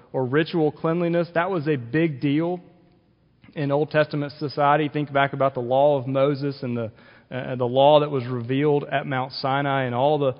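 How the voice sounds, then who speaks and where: A male pastor giving an earnest sermon, explaining scripture with occasional restarts. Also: medium pitch. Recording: dull audio with long reverb in a hall.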